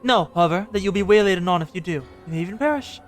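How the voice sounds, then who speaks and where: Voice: mid-range voice, rapid-fire, soft background music, close to an everyday voice. A streamer reading game dialogue aloud, voicing a mysterious robed man who speaks in archaic, ominous phrases.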